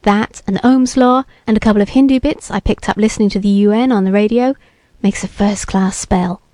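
A woman's voice: medium pitch, steady tone, brisk, mellow, no room sound, lightly acted. A woman reading the lines of a bearded young beatnik TV repairman who talks in laid-back hip slang and sounds sure of himself. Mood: assured.

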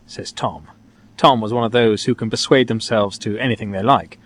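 A man's voice: on the low side, moderate pace, no echo. Man reading a story aloud, dry sound. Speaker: reader.

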